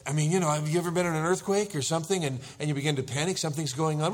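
A middle-aged pastor delivers his sermon in a slightly high, rapid-fire voice. Animated as he tells the story, he acts out panicked husbands.

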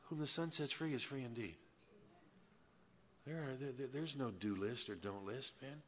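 A pastor preaching a Wednesday evening church sermon, swinging between loud, emphatic lines and quiet, conversational asides, with a folksy manner full of "man" and "you know". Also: mid-range voice, normal speed, a little hiss or hum.

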